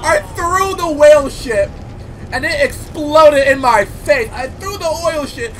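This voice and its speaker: A man giving loud, profane let's-play commentary, often shouting and exclaiming. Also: extremely high pitch, a little slow, some chatter behind. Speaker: gaming YouTuber. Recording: game audio with music underneath.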